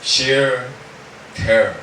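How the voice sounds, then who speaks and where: A man's voice: medium pitch, very slow. A man giving a personal faith testimony, telling his story with lots of "you know" and now and then slipping into Korean. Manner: animated storytelling, heavy on fillers like "you know"; switches into Korean at times. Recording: echoey room, mic far off, faint noise.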